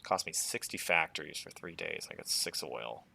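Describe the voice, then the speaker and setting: An American man casually commenting on a strategy game as he plays, thinking aloud in a relaxed, chatty way. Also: very deep voice, normal speed, vocal fry. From United States. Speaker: strategy game let's player.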